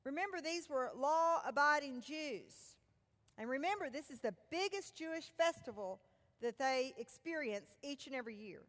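A woman preaching a sermon, retelling a scripture story in an animated way that moves from loud passages to hushed ones. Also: sits high, moderate pace, in a large hall.

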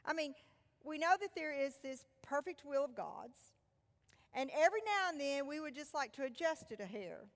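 Animated woman preacher, high and lively. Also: moderate pace, big-room sound. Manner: animated storytelling, swinging between loud and hushed. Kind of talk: sermon retelling a scripture story.

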